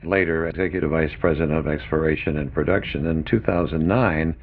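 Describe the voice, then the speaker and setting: A male interviewer with an exceptionally deep, low voice. He reads out points from the guest's career in a measured way before he asks his question. The audio is narrow, like a phone line. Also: fairly even intonation. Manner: reads out career facts as prompts.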